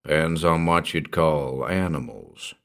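Man doing old mountain hermit, superstitious, slow hushed drawl, very deep voice, storybook reading. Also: heavily acted. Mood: ominous drawl. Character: old male backwoods hermit, superstitious, rustic.

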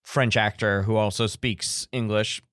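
A man's voice: fairly low pitch, steady tone, measured pace, a bit bright, no room sound, studio quality. Man chatting casually about a film. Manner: rambling, restarts often. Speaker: podcast co-host. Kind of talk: casual movie discussion.

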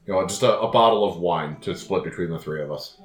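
A man's voice: sits low, quick pace. A man playing a tabletop game, talking casually and laughing often. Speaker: player. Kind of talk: casual in-character game chat. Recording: roomy room with faint music.

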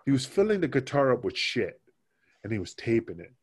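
A man's voice: medium pitch, brisk, breathy edge, no room sound, studio quality. A man casually telling a backstage story, acting out other people's lines with cursing. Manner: animated, acts out quotes with cursing. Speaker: podcast guest.

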